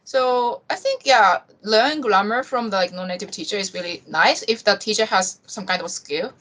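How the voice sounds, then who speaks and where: A woman's voice: mid-range voice, moderate pace, fairly bright tone, low-quality recording. Japanese woman speaking English hesitantly. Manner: hesitant, searching for words, laughs often. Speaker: host. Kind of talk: casual conversation.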